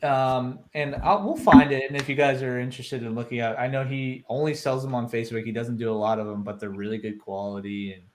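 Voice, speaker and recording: A man hosting a casual livestream, talking in a relaxed, rambling way and laughing often. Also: medium pitch, fairly quick, few pauses, a little hiss or hum. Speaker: host.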